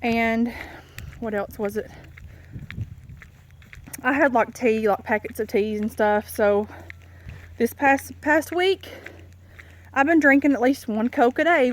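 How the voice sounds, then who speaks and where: A woman chatting casually to her viewers while walking outdoors on a country road, out of breath and rambling in a confiding way. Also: fairly high pitch. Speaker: vlogger.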